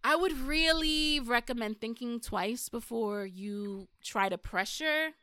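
A woman's voice: a little high, slow pace, sharp tone, clean tone, dry recording, studio quality. A woman, a podcast guest chatting casually, frank and profane, telling stories with animation. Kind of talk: casual chat.

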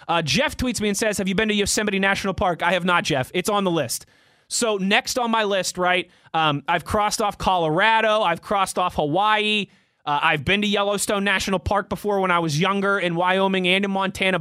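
A man's voice: sits high, pushed and bright, clear, resonant tone, no room sound, clean studio sound. A young man hosting a casual sports talk show, answering fan tweets off the cuff in a rambling, conversational way.

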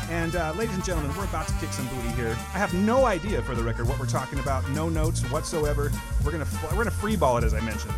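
A middle-aged man co-hosting a podcast, joking around and slipping into a mock radio-announcer delivery. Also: fairly high pitch. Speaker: podcast co-host. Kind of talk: casual podcast banter. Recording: music playing loudly underneath.

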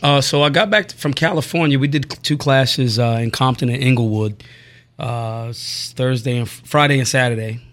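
A man with a Philadelphia accent, a guest talking casually about teaching gun safety classes, relaxed and rambling with fillers. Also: medium pitch, moderate pace. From North Philadelphia. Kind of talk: casual interview chat.

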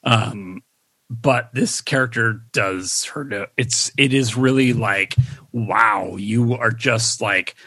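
A man co-hosting a casual TV review chat, animated and quick to mimic his own reactions. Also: mid-range voice, husky, dry recording. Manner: animated, quotes reactions in raised voice. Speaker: podcast co-host.

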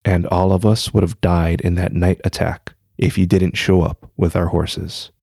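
A solemn samurai speaks with calm earnestness, as a male narrator reads him. His voice is deep and gravelly. The sound is dry and close. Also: unhurried, no room sound, exaggerated voice.

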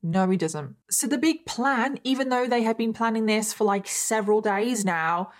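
A woman's voice: on the high side, steady tone, normal speed. A woman hosting a true crime podcast, telling the case in a chatty way with wry rhetorical asides.

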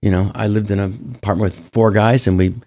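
A middle-aged man, a comedian guest in an interview, telling stories in an animated way with many restarts. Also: fairly low pitch, a little fast. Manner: animated, acts out quoted voices, many restarts. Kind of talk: casual storytelling interview.

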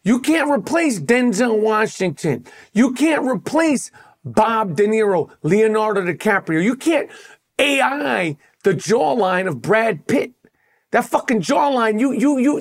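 A man's voice: very high-pitched, expressive, a little slow. A man hosting a podcast in casual banter, emphatic and profane, full of street slang. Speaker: podcast host.

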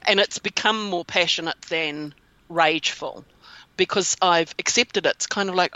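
A woman's voice: lowish voice, normal speed, bright, forceful tone, no room sound. Woman host, casual conversation, reflective and supportive; dry, dull-sounding recording. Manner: supportive listener with frequent short affirmations, reflective when speaking at length.

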